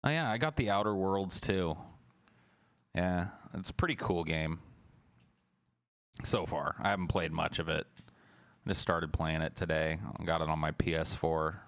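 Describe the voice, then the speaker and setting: A man's voice: a little slow, long pauses, a bit bright, dry recording. A man hosting a casual livestream, reacting to a trailer with sarcastic, mocking, profane commentary. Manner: mimics lines in exaggerated high voices.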